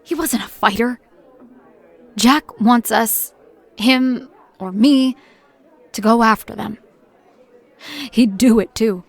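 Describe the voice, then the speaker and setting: A woman's voice: medium pitch, unhurried, pauses often, a faint crowd, natural voice. An actress voicing a hardened middle-aged mother and paranormal agent, who tells her report in a blunt, grim, dry-humored way. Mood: weary. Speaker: narrator of a recorded report. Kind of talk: audio drama monologue.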